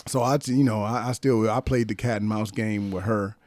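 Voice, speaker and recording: A man in his fifties, a guest on a podcast, telling stories in a slangy, profane, animated way in a studio. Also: fairly low pitch, normal speed, no echo. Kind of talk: casual storytelling.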